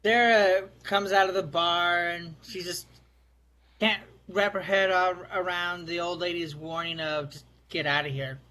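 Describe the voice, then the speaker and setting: Man, high voice, bright tone, casual improvised storytelling. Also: unhurried. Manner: casual, animated, with fillers. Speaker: podcast panelist.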